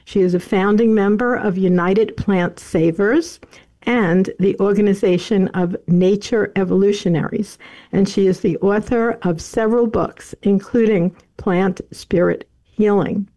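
A woman hosting a talk show, introducing her guest in a measured, formal way before interviewing her. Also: mid-range voice, fairly even intonation, dark tone. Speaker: radio show host.

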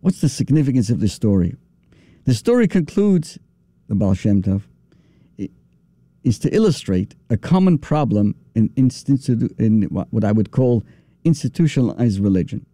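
Animated man preaching. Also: medium pitch, moderate pace, no echo. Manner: animated, folksy, with restarts. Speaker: rabbi. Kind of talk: sermon with storytelling.

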